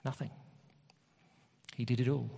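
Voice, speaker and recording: Preacher, conversational, in a reverberant church. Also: male voice, mid-range voice, flat delivery, measured pace, gravelly, mellow, breathy edge. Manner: conversational, repetitive, emphatic. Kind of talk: sermon. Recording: long hall reverb.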